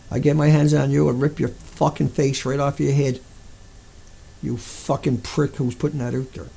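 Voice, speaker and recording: A man's voice: a little high, gravelly, a little mellow. A man delivering an angry, profane rant to his viewers, hurling insults. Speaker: video blogger.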